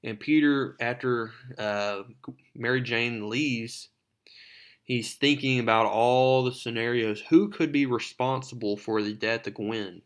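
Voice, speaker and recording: A man's voice: medium pitch, a little slow, smooth. A man narrating a comic book recap in a conversational way with asides.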